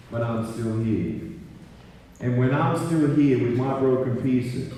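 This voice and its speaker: A man giving a live motivational speech to students. He tells stories in an animated way and acts out the people he quotes. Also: medium pitch, slight background noise. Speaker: motivational speaker. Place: high school gymnasium. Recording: echoey gym, heard from far off.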